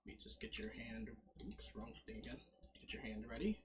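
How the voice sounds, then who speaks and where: A man's voice: medium pitch, fairly quick, a little hiss or hum. A man casually narrating as game master, fumbling with his setup and correcting himself as he goes. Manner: lively, fumbling with slides, self-correcting.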